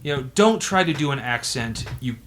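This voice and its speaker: A man's voice: medium pitch, animated, normal speed, fairly bright tone, a little hiss or hum. A young adult man co-hosting a podcast, giving earnest, filler-heavy advice about tabletop role-playing. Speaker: podcast co-host. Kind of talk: casual chat about role-playing games.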